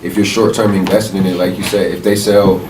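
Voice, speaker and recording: A man's voice: low voice, little pitch movement, a little fast, background noise. A man interviewing in a casual way, hesitant and thinking aloud as he talks. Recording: distant mic with music.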